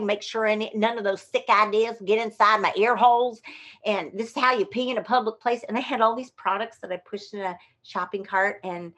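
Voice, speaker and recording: A woman tells a story as a guest in an easygoing conversation. She is lively and theatrical, jumping into the voices of the people she quotes. Her pitch sits in a middle range for a woman. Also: husky. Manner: animated, acts out quoted voices. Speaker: guest performer.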